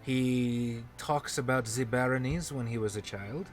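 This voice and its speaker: A man's voice: medium pitch, measured pace, faint music behind, pitched below the performer's own voice, natural voice. A man doing a scheming vampire with a slipping German accent. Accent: German, put on and slipping.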